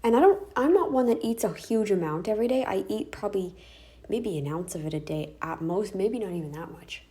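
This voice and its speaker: This woman's voice is mid-range, expressive and warm, and she speaks fairly quickly. In an emotional bedroom vlog she vents while tearful and drained, sighing and starting her sentences over.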